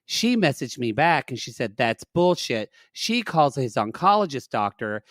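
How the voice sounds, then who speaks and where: A man co-hosting a podcast, telling a long story in casual chat, animated and profane, recorded on a dry, close mic. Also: medium pitch, unhurried, dry recording. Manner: animated, profane storytelling with dramatic quoted outbursts. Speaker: podcast co-host.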